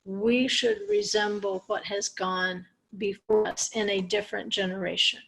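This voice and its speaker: A woman's voice: mid-range voice, fairly even intonation, unhurried, creaky, a bit bright. A woman teaching a Torah portion lesson, explaining Hebrew words step by step with small restarts. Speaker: Bible teacher.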